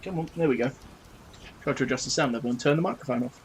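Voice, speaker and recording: A British man in his thirties speaks fast in a medium-pitched voice while painting models on a home-desk live stream, chatting cheekily and cursing for fun. The recording is rough, with slight background noise.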